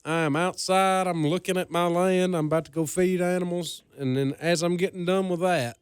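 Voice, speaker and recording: A man's voice: high-pitched, normal speed, clear, resonant tone, no echo. A man hosting a casual chat, telling stories and acting out what people said. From Louisiana. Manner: animated storyteller, acts out quoted dialogue. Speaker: podcast host.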